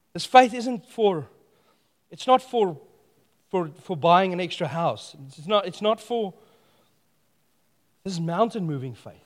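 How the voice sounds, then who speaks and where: A man preaching a sermon, animated and playful, telling stories with humor. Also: high-pitched, long reverb tail.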